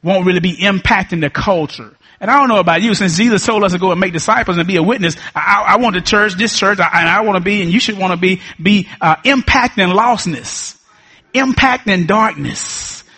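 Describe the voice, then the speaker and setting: A pastor in his fifties preaches with a husky, slightly high voice. He hammers his points with repetition and asks for responses from the congregation. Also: brisk, sharp tone. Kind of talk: sermon.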